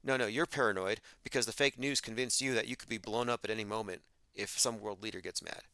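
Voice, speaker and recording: A man's voice: fairly low pitch, fast talker, gravelly, sharp tone, no echo. A man hosting a livestream, delivering an emphatic, argumentative monologue and reading out chat comments. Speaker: podcast host.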